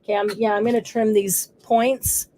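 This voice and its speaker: A woman's voice: a little high, flat delivery, normal speed, warm tone, a little hiss or hum. A woman hosting a live crafting stream, chatting casually as she works. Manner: chatty, coos baby talk to her dog. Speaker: crafting show host.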